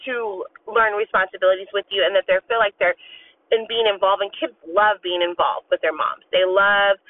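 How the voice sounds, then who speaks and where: Mom giving earnest parenting advice, a touch hoarse, lots of ums, thin phone-like audio. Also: female voice, medium pitch, steady tone, normal speed, distant mic. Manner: earnest, direct, many filler ums. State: slightly hoarse. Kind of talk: casual advice talk. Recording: tinny phone-like sound.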